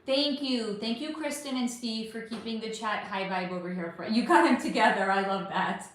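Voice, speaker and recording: A woman's voice: a little high, normal speed. A young woman hosting a casual livestream, reading out chat and answering with laughs and casual swearing. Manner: chatty, laughing, swearing freely. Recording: very echoey room.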